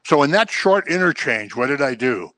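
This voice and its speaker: A man's voice: medium pitch, very animated, normal speed, sharp tone, dry recording. A man giving a conversational sermon as a pastor, acting out everyday examples to make his points. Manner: conversational teaching with acted-out examples.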